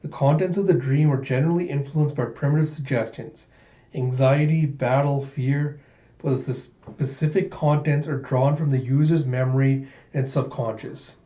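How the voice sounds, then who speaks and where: A man's voice: mid-range voice, fairly even intonation, moderate pace, mellow. A man casually narrating a comic readthrough, chatty and loose, adding sound effects, in a roomy, dull recording.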